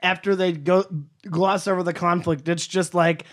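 A man's voice: sits high, little pitch movement, normal speed. A young man co-hosting a casual podcast chat, wry and retelling scenes with quotes. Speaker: podcast co-host.

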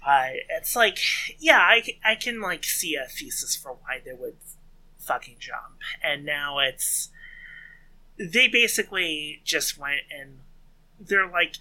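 A man's voice: on the high side, lively intonation, slow pace, pushed and bright, poor audio. A man co-hosting a podcast, mocking the news in a laid-back way and laughing often. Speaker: podcast co-host. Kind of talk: casual news commentary chat.

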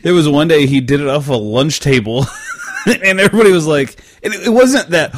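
A man's voice: on the high side, fairly quick, a little hiss or hum. A young man, telling profane stories in casual chat and laughing often. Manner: profane, animated storytelling with frequent laughter.

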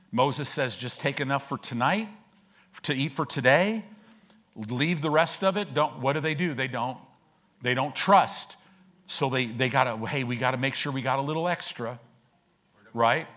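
A man preaching a fervent sermon in a church, building to loud, emphatic peaks. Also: medium pitch. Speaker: pastor. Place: church sanctuary.

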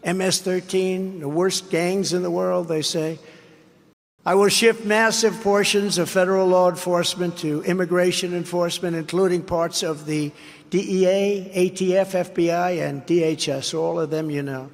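A man's voice: high-pitched, steady tone, moderate pace, creaky. A man giving a campaign rally speech as a political candidate, repeating phrases in emphatic, boastful oratory. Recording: reverberant hall.

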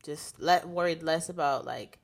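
A woman's voice: low-pitched, moderate pace, gravelly, crowd noise. A woman co-hosting a podcast, chatting casually and affirming her friend. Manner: supportive listener, frequent affirmations. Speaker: podcast co-host. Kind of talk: casual chat.

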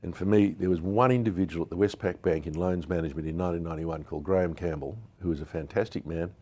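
In a deep, mellow voice with a steady tone, a sixty-something Australian businessman talks fast through candid stories. As a founder guest in a storytelling interview, he acts out what others said.

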